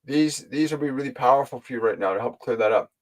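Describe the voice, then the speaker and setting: This mid-range male voice moves at a quick pace, and the recording quality is low. He's a spiritual teacher hosting a live stream, gently addressing viewers, earnestly guiding them through their questions, and repeating key phrases to underline them.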